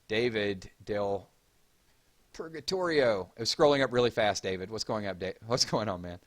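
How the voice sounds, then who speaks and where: Male livestream host, Southern drawl, a bit low-pitched, casual and talkative with chat. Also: expressive, normal speed. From Georgia, US. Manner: chatty, reads chat aloud and gives shout-outs.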